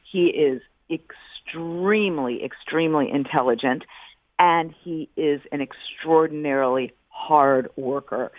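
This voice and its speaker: A middle-aged woman, a football analyst calling in as a radio guest, speaking deliberately and repeating words for emphasis. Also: rumbling low, dry recording. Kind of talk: sports radio phone interview. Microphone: phone. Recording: tinny phone line.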